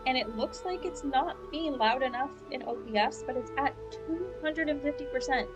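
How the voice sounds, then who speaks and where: A woman's voice: high voice, moderate pace, highs cut off, music in the background. A young woman chatting casually while streaming a game, rambling and upbeat, on a lavalier mic at home. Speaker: gaming streamer. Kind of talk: casual live-stream chat.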